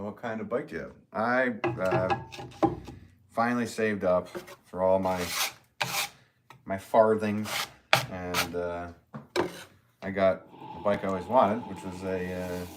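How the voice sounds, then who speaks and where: A man, a potter, chatting casually on a livestream and reading out viewer comments, relaxed and joking, with frequent chuckles. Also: deep voice, a little slow, pauses often, very noisy. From northwest Connecticut. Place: pottery studio.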